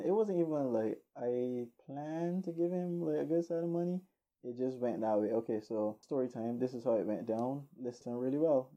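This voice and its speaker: In a dull lo-fi recording, a man with a medium-pitched voice tells a rambling, animated story in a casual way, laughing now and then.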